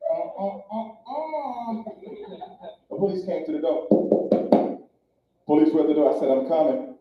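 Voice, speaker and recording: A man's voice: high-pitched, very animated, measured pace, slight background noise. A man from Louisiana doing a loose, profane stand-up set, telling a story and throwing questions at the crowd. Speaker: stand-up comedian. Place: comedy club stage. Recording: echoey club from far off, dull sound.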